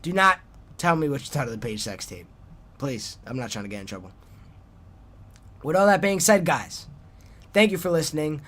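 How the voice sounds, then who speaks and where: A man's voice: on the high side, big pitch swings, normal speed, long pauses, a bit bright. A young man hosting his own solo wrestling podcast, rambling casually and poking fun at his own awkward sign-offs. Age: young adult. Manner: rambling and self-deprecating, trailing off in restarts. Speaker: podcast host.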